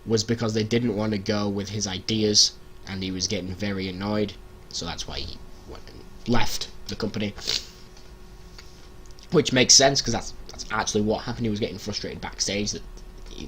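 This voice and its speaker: Excited man recapping wrestling. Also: medium pitch, breathy edge. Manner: excited, animated, imitates people with loud shouts. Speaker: wrestling results vlogger. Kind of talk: casual recap vlog.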